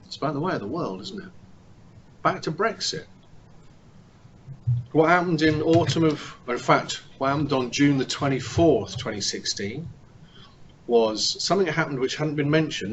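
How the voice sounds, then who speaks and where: A man speaks to a room about negotiation in a relaxed, conversational way, often turning statements into rhetorical questions. His voice sits in a middle register. The recording is a little dull, with faint background hiss. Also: medium pitch. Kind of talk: live seminar talk. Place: meeting room with an audience.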